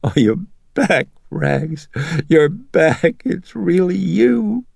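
A man's voice: on the low side, sing-song, unhurried, mellow, dry recording, clean studio sound, pitched above the performer's own voice. A man voicing an emotional, distraught mother in an audiobook reading. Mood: tearful joy. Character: distraught loving mother, a woman.

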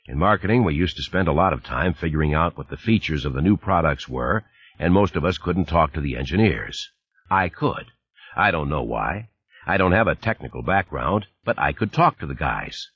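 A man voicing a calm, plainspoken male division manager in an audiobook reading. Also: low voice, normal speed, slightly rough, no echo, lo-fi sound, exaggerated voice. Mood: relaxed.

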